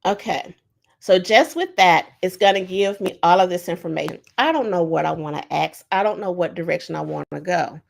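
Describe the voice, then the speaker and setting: A woman's voice: on the low side, expressive, moderate pace, vocal fry. A woman presenting a casual online workshop, talking conversationally with many fillers and acting out sample prompts. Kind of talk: casual webinar teaching.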